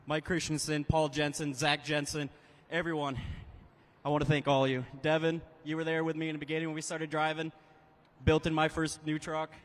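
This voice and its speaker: A man's voice: fairly high pitch, level tone, a little fast. A man who drives monster trucks, giving heartfelt, choked-up thanks in a live interview inside a large indoor arena. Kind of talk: live post-event interview. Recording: long arena reverb.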